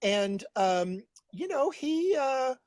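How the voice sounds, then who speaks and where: A man's voice: very high-pitched, very animated, slow pace, darkish tone, dry recording. A middle-aged man in drag persona, a guest telling bawdy stories in campy casual chat over a video call, calling people honey.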